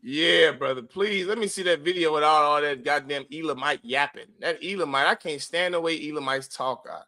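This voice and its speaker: A man with a somewhat high, bright and forceful voice delivers a preachy livestream commentary. He speaks emphatically and keeps calling out to his listeners as brother. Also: brisk. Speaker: host of a religious group's class.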